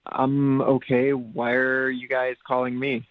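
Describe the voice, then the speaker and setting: A young man on a phone call to a radio show, hesitant and halting with many fillers. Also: medium pitch, completely flat delivery, no room sound. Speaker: phone guest. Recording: phone line, tinny.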